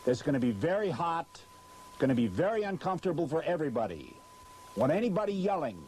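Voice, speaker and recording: A short-tempered spokesman filming a promotional video in and around a vehicle on a hot set keeps forgetting lines, cursing and getting flustered in these scripted outtakes. His voice is a little high and a bit mellow, swinging widely in pitch, fairly quick, with a slight hiss or hum.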